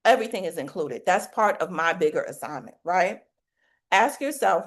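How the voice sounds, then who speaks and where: A woman's voice: medium pitch, animated, moderate pace. Preachy woman coach, folksy faith-filled talk. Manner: preachy, faith-filled, rhetorical questions, colloquial. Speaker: business coach for hairstylists.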